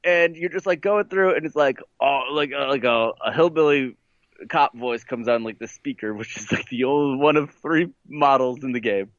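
A man's voice: medium pitch, moderate pace, dry recording, highs cut off. A man co-hosting a podcast, telling a story in casual chat, rambling with lots of fillers and laughing. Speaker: podcast co-host.

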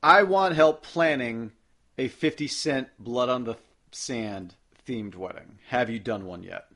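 A man's voice: mid-range voice, unhurried, fairly bright tone. A man hosting a comedy podcast, playful and laughing often as he talks with a caller. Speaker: podcast host.

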